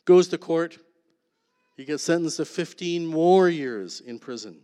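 A man tells his story in earnest, measured phrases, pausing for effect. He often drops to a soft, intense hush to land a point, in the manner of a church testimony. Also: a little high, fairly even intonation, smooth, big-room sound. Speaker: guest speaker.

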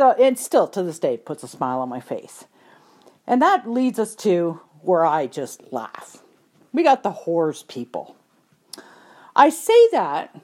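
Lively, blunt horse trader woman. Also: medium pitch. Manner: folksy and blunt, with mild swearing; acts out the voices in her stories. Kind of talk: casual storytelling.

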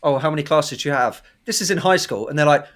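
A man co-hosting a casual podcast chat, swearing freely and mimicking voices. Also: fast. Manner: lively, swearing, mimics voices with big pitch jumps. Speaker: co-host, former assistant language teacher in Japan.

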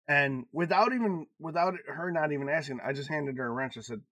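Animated, bright-voiced American man telling stories. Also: fairly high pitch, a little fast, few pauses, no echo. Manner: animated storytelling, swearing, laughing often, big swings in loudness. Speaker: podcast co-host. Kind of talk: casual chat.

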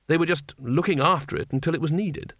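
A man narrating a comic novel as an audiobook, in a wry, expressive storytelling manner. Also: a little high, fairly quick, no room sound, clean studio sound.

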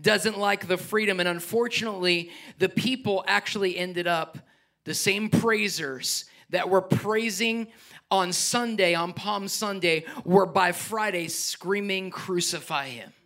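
A man preaching to his congregation in a lively, animated style. His voice sits high and bright. He surges into loud exhortation, then drops low for personal, confiding asides. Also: measured pace. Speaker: pastor. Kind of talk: sermon.

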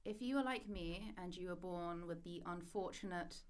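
Dry British woman, deadpan, casual chat, faint noise. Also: fairly low pitch, normal speed. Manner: dry, flat delivery. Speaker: podcast co-host pitching an idea.

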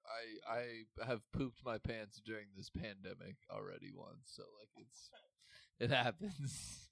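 A young man co-hosting a podcast, telling quick, amused stories in casual chat. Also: lowish voice, gravelly, a bit bright, no room sound.

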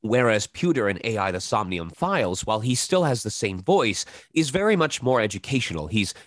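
A man in his thirties, a voice actor talking casually in an interview, lively and quick to slip into demonstration voices. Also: fairly low pitch, no room sound, studio quality. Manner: animated, demonstrates voices mid-sentence. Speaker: voice actor guest.

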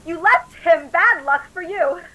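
Casting: mocking possessed girl, eerie cackle, very high and bright, audio drama. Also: animated, takes it slowly, exaggerated voice, low-quality recording. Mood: shrieking. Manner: mocking, singsong taunts. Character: possessed teenage girl, taunting and cruel.

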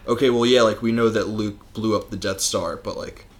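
A man's voice: on the low side, steady tone, brisk. A young man chatting casually as a podcast co-host, laid-back, saying "like" a lot and swearing freely. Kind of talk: casual chat.

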